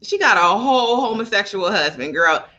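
Animated woman cracking jokes on a podcast, bright tense voice, muffled lo-fi recording. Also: mid-range voice, moderate pace. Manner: animated, profane, laughing storyteller. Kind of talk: casual storytelling chat.

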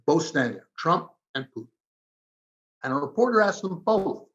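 A man making his case insistently in a heated political debate, leaning on dramatic pauses. His pitch rises and falls in wide swings. The recording sounds slightly dull. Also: big pitch swings, fairly bright tone. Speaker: guest commentator.

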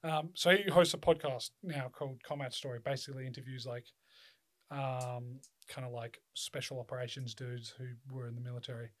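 A man's voice: mid-range voice, fairly even intonation, brisk. A man hosting a podcast in casual chat, laid-back, swearing often and filling with ums. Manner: laid-back, swears a lot, many fillers. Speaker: podcast host.

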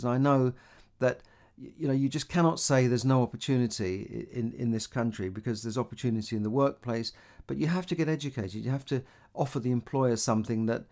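A middle-aged man with a Cockney accent talks through a casual monologue on money and opportunity. He rambles a little and keeps restarting, with a lot of "you know" along the way. His pitch sits in the ordinary middle range for a man. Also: fairly quick, creaky, darkish tone. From London, England. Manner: rambling, conversational, many fillers and restarts. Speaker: money advice host.

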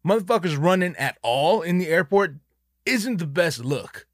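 A man telling a personal anecdote in an animated, profane, emphatic way. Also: high-pitched, normal speed, dry recording, clean studio sound. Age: young adult. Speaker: storyteller.

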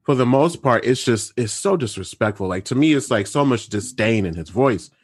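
Mid-pitched man, emphatic casual talker, dry close recording. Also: expressive, moderate pace, breathy edge, no echo. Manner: emphatic, lots of "like" fillers. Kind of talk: casual chat.

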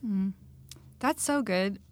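A woman's voice: medium pitch, takes it slowly. A young woman co-hosting a casual faith conversation on a call, enthusiastic and full of "like" fillers. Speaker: podcast co-host.

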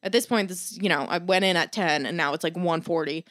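A woman talks casually into a close mic in a dry, dead room. She tells her story in an animated way, swears freely and pushes her voice up when exasperated. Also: lowish voice, fairly quick, dry recording. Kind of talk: casual chat.

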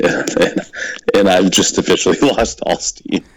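A man's voice: sits low, steady tone, unhurried, poor audio. A man co-hosting a podcast, rambling and laughing a lot as he swears his way through casual wrestling chat. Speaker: podcast co-host.

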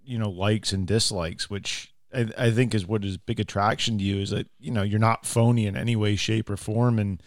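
A man's voice: lowish voice, steady tone, normal speed, hardly any pauses, dry recording, clean studio sound. A man co-hosting a podcast, speaking loosely and casually with some swearing. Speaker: podcast co-host. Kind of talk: casual chat.

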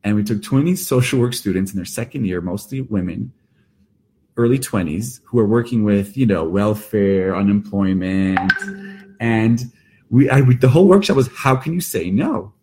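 A man's voice: lowish voice, expressive, moderate pace, darkish tone, husky. A middle-aged man, a therapist speaking in an earnest, reflective podcast monologue with emphatic restarts. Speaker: therapist and workshop leader.

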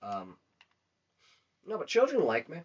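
A man's voice: fairly high pitch, wildly swooping pitch, measured pace, husky. A young man chatting casually on a podcast, telling rambling, crude, profanity-laden stories. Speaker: podcast co-host. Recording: dull lo-fi recording.

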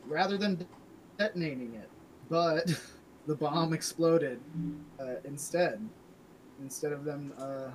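A young man co-hosting a casual podcast, hesitant, with many pauses and trailing sentences. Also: on the high side, slight background noise, low-quality recording. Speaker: podcast co-host.

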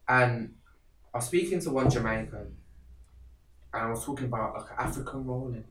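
A man, an actor chatting as a podcast guest in a lively, slangy way, full of "innit" and "you know what I mean". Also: medium pitch, brisk. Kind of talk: casual chat. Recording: roomy, somewhat distant mic.

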